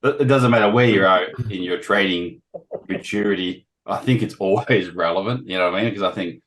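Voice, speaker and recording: A man with a hoarse, failing voice giving a casual presentation on a video call, often clearing his throat. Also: low-pitched, a little fast, a bit bright, rough recording. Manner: frequent throat-clearing, self-deprecating. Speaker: guest trader sharing experience.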